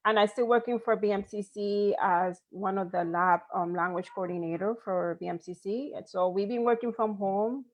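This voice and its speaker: A woman in her thirties, a guest on a video call, telling stories in an animated way. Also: mid-range voice, normal speed, hardly any pauses. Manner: animated, storytelling. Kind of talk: casual interview chat. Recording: dull lo-fi video call audio.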